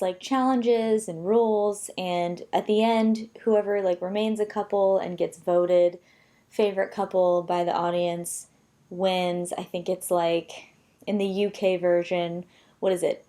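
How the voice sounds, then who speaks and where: A young woman from the United States chatting casually to camera, self-deprecating and full of quick asides. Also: medium pitch, steady tone, mellow. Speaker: vlogger.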